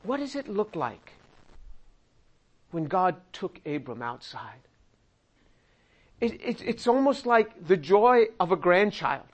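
An older man with a high voice leads a Bible study, talking through the verses in a conversational way. He acts out the voices he quotes and slips in small chuckles. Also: very animated, slow, pauses often, rough recording. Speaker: Bible teacher and chemist.

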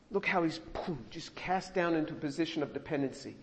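A male pastor giving a sermon, expressive and acting out the scripture he reads. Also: fairly high pitch, brisk. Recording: long hall reverb.

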